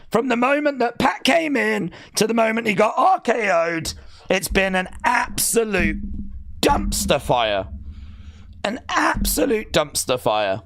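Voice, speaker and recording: A man's voice: a little high, a bit bright, no room sound. Exasperated man ranting on a live stream. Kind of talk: live wrestling watch-along commentary.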